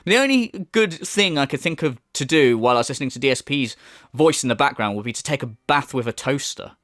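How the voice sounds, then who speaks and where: A man's voice: medium pitch, lively intonation, fast, fairly bright tone, no room sound, clean studio sound. A man hosting a reaction commentary, mocking and exasperated, swearing often as he rants. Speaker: commentary host.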